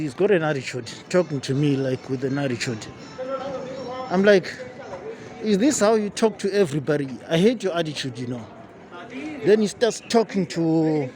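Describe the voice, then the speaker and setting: A man from Africa telling a personal story to camera as a vlogger, animated and acting out quoted exchanges in a raised voice. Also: fairly high pitch. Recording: urban outdoor noise with passing traffic.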